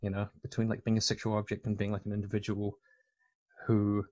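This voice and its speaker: A man's voice: fairly low pitch, monotone, brisk, mellow. A man talking casually on a discussion panel, rambling with lots of fillers and restarts.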